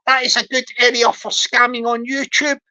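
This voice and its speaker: A woman's voice: on the high side, flat delivery, normal speed, sharp tone, rough recording. A woman giving joking livestream commentary, rambling, repeating herself and laughing often. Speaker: livestream host.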